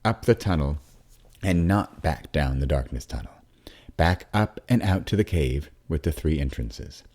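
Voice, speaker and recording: A man narrating an audiobook as a father, with a warm storytelling manner, wry asides and the odd dip into a whisper. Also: extremely low pitch, husky.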